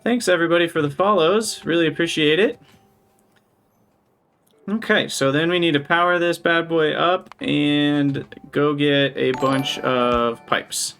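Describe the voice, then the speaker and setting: Gravelly-voiced man streaming a game. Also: fairly high pitch, steady tone, a little slow, soft background music. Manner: thinks aloud while planning, brightens to greet chat. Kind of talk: live gameplay commentary.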